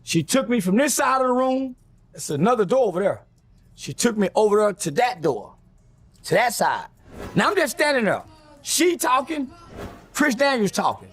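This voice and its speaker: A man telling a long story in an interview clip, acting out what others said in a deeper voice. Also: normal speed, husky. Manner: animated storyteller, acts out quotes in a deep voice.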